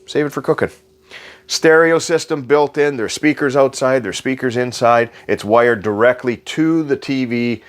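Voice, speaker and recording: A man's voice: mid-range voice, moderate pace. A man giving an enthusiastic, joking sales walkthrough inside a travel trailer, repeating his selling points.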